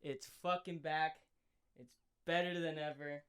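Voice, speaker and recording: A young man hosting a podcast, chatting excitedly, swearing constantly and yelling when he relives big moments. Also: fairly high pitch, a little slow, clean tone, dry recording, clean studio sound. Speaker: podcast host. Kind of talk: excited casual chat.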